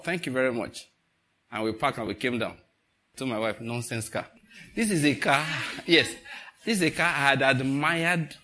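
A pastor with a Nigerian accent delivers a sermon, his voice husky and a little breathy at a middle pitch. He tells stories and chuckles along the way, turning to the congregation with questions. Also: bright, forceful tone. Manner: storytelling preacher, chuckling and addressing the congregation.

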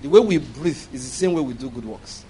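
A man preaching a sermon as a pastor, animated, with laughing asides and acted-out quotes. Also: mid-range voice, fairly quick, rough recording.

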